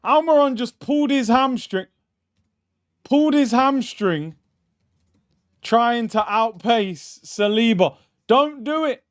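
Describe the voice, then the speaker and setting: Excitable man reacting to a match. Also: extremely high pitch, takes it slowly, pauses often, dull audio. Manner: excitable, shouts at the screen, chatty tangents. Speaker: football watchalong host. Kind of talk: live match reaction commentary. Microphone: streaming mic.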